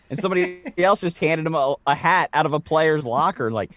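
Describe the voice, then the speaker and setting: A man's voice: on the high side, expressive, brisk, few pauses, a bit bright. A man co-hosting a podcast, telling a story in casual chat, swearing freely with stammered restarts. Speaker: podcast co-host.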